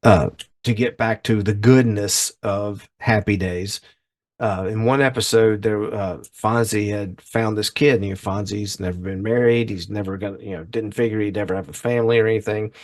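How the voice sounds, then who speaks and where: A man's voice: fairly low pitch, steady tone, normal speed. A middle-aged man co-hosting a podcast in casual chat, who retells a story scene by scene and acts out the people in it. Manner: retells scenes, acting out voices. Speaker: podcast co-host. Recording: podcast recording.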